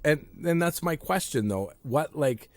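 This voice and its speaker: A man's voice: fairly high pitch, expressive, a little slow, no room sound. A man co-hosting a podcast, rambling and poking fun at himself in casual chat. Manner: rambling, self-deprecating, many fillers. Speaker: podcast co-host.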